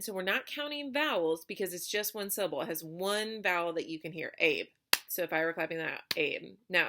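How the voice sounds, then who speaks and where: Young female teacher, slightly low voice, casual and chatty, lots of fillers. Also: a bit bright. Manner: casual, chatty, many ums and likes. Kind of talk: recorded remote lesson for students.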